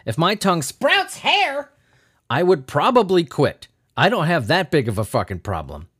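A man's voice: on the high side, wildly swooping pitch, moderate pace, a bit bright, husky, no echo, studio quality. A man hosting a comedy news podcast, riffing on odd stories in a sarcastic, profane way. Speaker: podcast host.

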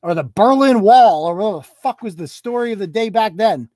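A woman's voice: mid-range voice, animated, a little fast, mellow, dry recording. A woman hosting a live show, delivering a sarcastic, profane, mocking rant. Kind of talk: profane ranting commentary.

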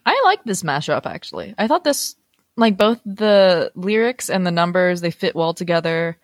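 A woman's voice: lowish voice, moderate pace, no room sound. Young woman gabbing on a podcast, voice bouncing all over, dry close sound. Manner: chatty, frequent "like" fillers, animated retelling. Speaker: podcast co-host. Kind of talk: casual chat.

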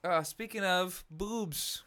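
A man's voice: sits high, slow pace, bright, forceful tone. A man co-hosting a podcast in casual chat, rambling and breaking into laughter, with the hiccups. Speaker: podcast co-host.

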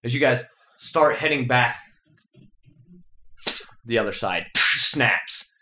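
A man's voice: mid-range voice, slow, echoey room, background noise. A man narrating as game master of a tabletop game, describing scenes casually.

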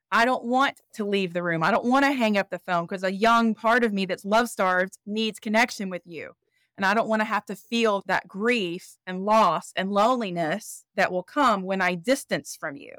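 A woman therapist speaking as a guest on a podcast, calm and explanatory. Her pitch sits in the middle range. The sound is dry and close, with no room around it. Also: no echo. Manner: calm, explanatory, acts out examples. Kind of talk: podcast interview.

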